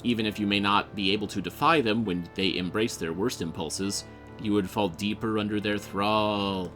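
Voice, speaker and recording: A man's voice: fairly low pitch, fairly even intonation, normal speed, fairly bright tone, soft background music, natural voice. A man voicing a cheerful, overly friendly male AI assistant program in a game. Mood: earnest. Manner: chirpy, overly friendly, calls the player friend.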